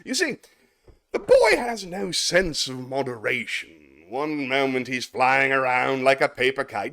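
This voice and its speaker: A man's voice: medium pitch, a bit bright. A man performing a comic monologue as a pompous, callous male school headmaster with stiff, formal bluster. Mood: indignant.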